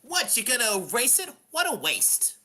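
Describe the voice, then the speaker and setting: A woman's voice: fairly high pitch, wildly swooping pitch, moderate pace, sharp tone, voice pushed up, exaggerated voice. A woman voicing a cocky, nonchalant male spear warrior with a put-on Australian accent and a detached, taunting drawl.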